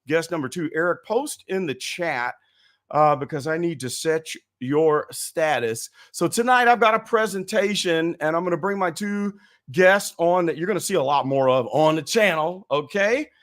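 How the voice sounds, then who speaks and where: A raspy-voiced man hosts a live political chat stream from home. He talks to his viewers in a folksy, upbeat way, his voice sitting a little high. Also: moderate pace, fairly bright tone. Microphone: webcam and computer mic.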